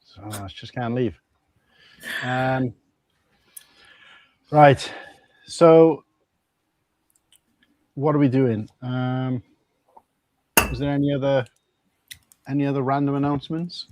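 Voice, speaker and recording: A man's voice: mid-range voice, fairly even intonation, slow pace, long pauses, a little mellow, dry recording. A man hosting a casual live stream with friends, laid-back, laughing often and swearing freely. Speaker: streamer and show host.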